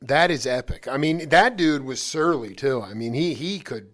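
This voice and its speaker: A man hosting a casual interview, rambling with lots of fillers and excited interjections. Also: medium pitch, normal speed. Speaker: interview host.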